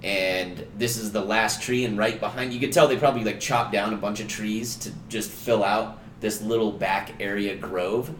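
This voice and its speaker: A man's voice: lowish voice, steady tone, normal speed, few pauses. A man casually narrating a tabletop game as game master, laid back and swearing freely. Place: home streaming room. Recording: roomy echo with faint ambient noise.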